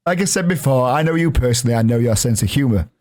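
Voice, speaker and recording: A man with a Yorkshire accent hosting a casual podcast, chatty and jokey, reading out shout-outs. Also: medium pitch, expressive, fast. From Yorkshire, England. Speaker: podcast host.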